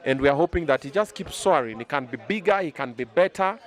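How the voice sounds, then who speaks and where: A Kenyan man, around his thirties, talks through a casual interview with lively, boastful energy. He speaks in quick bursts and drops in Swahili phrases, and he is recorded outdoors in the city. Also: on the high side. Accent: Kenyan English. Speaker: media personality interviewed. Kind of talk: casual interview chat mixing English and Swahili.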